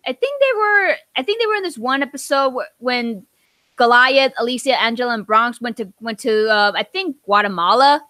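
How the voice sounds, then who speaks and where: A woman co-hosting a podcast in casual chat, halting and full of restarts as she gathers her thoughts. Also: on the high side, expressive, pushed and bright, dry recording. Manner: halting, many fillers and restarts. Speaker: podcast co-host.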